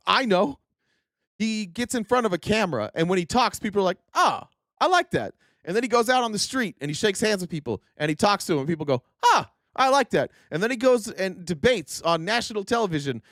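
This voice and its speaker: Man, political commentary, sarcastic, profane, lively pitch, slightly high voice. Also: no echo, clean studio sound. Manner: sarcastic, profane, mocks opponents in shouted put-on voices.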